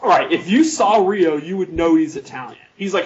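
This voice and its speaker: A man's voice: fairly high pitch, expressive, a little fast, hardly any pauses, muffled recording. A man co-hosting a podcast, teasing his friend in casual, jokey banter. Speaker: podcast co-host. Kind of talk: casual chat.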